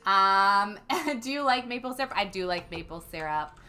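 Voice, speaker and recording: A woman's voice: mid-range voice, lively intonation, moderate pace, pushed and bright, soft background music. A young woman hosting a casual gaming livestream, chatting and reading viewer comments aloud with lots of ums. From Canada. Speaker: livestream host.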